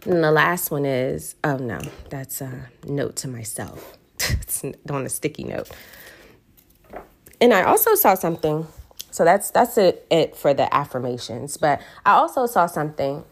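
A woman with a notably low voice and a lilt hosts a casual solo podcast. She talks in an earnest, reflective way and draws out the words she wants to stress. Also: animated, vocal fry. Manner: earnest, reflective, drawn-out emphasis on key words. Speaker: podcast host.

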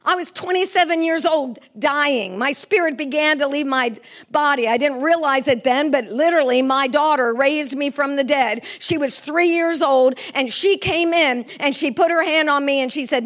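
High-voiced middle-aged woman preaching. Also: normal speed, fairly bright tone. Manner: fervent, asks the congregation questions. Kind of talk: sermon.

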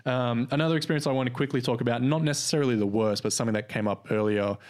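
A man with an Australian accent co-hosts a relaxed podcast chat. He tells stories from retail work, slipping into quick impressions of the customers and staff in them. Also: medium pitch. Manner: relaxed storytelling, acts out quoted customers. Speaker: podcast co-host. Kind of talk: casual chat.

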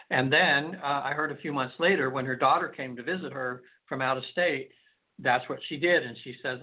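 A man's voice: mid-range voice, fairly quick. A male hypnotherapist guest on a call-in radio show, telling stories in a rambling way with many restarts. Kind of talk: storytelling in a call-in radio interview. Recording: phone-like lo-fi line.

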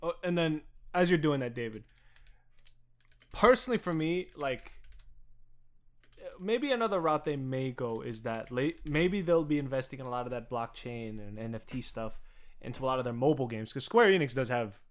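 A man's voice: mid-range voice, animated, moderate pace. Rambling, swearing young man on a podcast. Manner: rambling, swears often, many fillers. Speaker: podcast co-host. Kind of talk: casual chat.

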